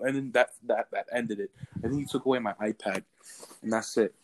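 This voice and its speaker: A young man telling stories in a casual chat, animated and profane, often bursting into loud exclamations. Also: medium pitch, fairly quick, no echo.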